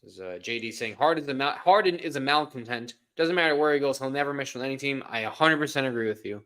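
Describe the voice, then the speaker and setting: A man's voice: medium pitch, fast talker, fairly bright tone. A man co-hosting a live baseball stream, chatting casually, laughing often and giving strong opinions. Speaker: co-host of a live baseball watch-along stream. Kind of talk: casual live sports chat.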